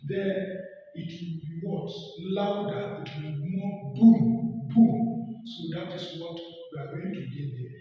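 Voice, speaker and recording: Male teacher, high voice, emphatic and drawn-out, reverberant room, faint music underneath. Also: muffled recording. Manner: emphatic and drawn-out, asks the class rhetorical questions. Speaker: English teacher. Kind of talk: online lesson. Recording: echoey room, mic at a distance, faint music.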